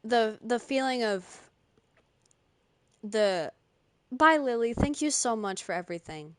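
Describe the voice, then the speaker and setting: A woman's voice: fairly high pitch, lively intonation, unhurried, no room sound. A young woman streamer chatting casually with her live chat, often laughing. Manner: chatty, giggly, talks to chat.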